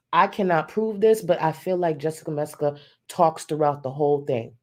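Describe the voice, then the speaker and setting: A woman's voice: sits low, mellow. A woman streamer giving blunt, sassy, profane live-stream commentary and often breaking into laughter.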